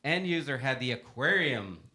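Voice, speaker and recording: A man's voice: mid-range voice, lively intonation, moderate pace, bright, forceful tone. Upbeat man reading funny help desk stories. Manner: upbeat, laughing, playful. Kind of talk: casual storytelling to a panel.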